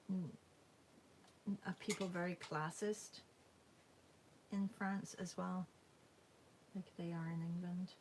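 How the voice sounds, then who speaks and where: Slow, gravelly-voiced woman teaching art. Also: on the low side, slight background noise, poor audio. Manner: soft and musing, often dropping to a half-whisper. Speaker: art teacher hosting a live drawing class. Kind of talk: casual chat while drawing.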